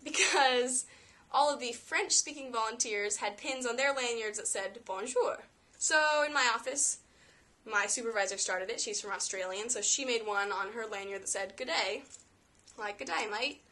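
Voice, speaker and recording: Bright, chatty young woman vlogger. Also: fairly high pitch, moderate pace. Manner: chatty, enthusiastic, playful asides. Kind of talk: casual show-and-tell vlog.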